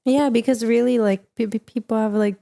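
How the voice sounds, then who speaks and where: A woman co-hosting a casual chat, speaking in a measured, thoughtful way. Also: a little high, steady tone, vocal fry, dark tone. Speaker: co-host.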